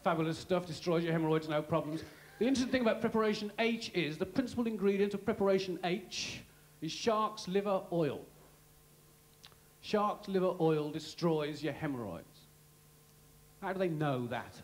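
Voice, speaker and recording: A man in his thirties doing a live stand-up comedy routine with deadpan, quick absurd asides. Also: high voice. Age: 30s. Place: comedy stage before a live audience.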